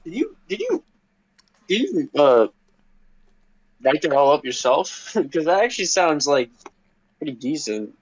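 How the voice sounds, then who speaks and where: A man's voice: fairly high pitch, wildly swooping pitch, a little slow, pauses often, slightly rough, muffled recording. A man co-hosting a podcast, chatting loosely and jokingly with lots of fillers. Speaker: podcast co-host. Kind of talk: casual podcast chat.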